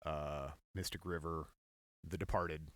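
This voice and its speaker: A man's voice: extremely low pitch, steady tone, unhurried, no echo. A man hosting a casual comedy podcast who reads facts off his notes, jokes and laughs often. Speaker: podcast host.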